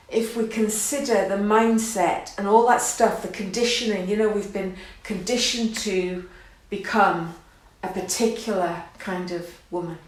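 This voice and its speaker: A middle-aged woman speaks to camera about her own life, reflective and earnest, and at times she laughs and grows emotional. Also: mid-range voice. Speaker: art course host. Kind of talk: personal talk to camera. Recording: very echoey room.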